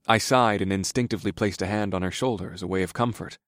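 A man narrating a first-person romance audiobook in a steady, low-key way. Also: fast talker, dry recording, studio quality.

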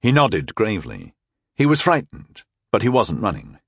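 A man's voice: lowish voice, wildly swooping pitch, normal speed, a bit bright, no echo. A man narrating a first-person fantasy story in a wry, conversational way. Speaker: audiobook narrator.

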